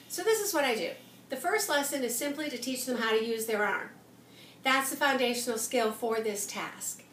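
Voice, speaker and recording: A woman teacher demonstrates a classroom method, clear and patient, sometimes talking as if to young children. Her voice sits a little high. She was recorded from a distance in an echoey room with faint background noise.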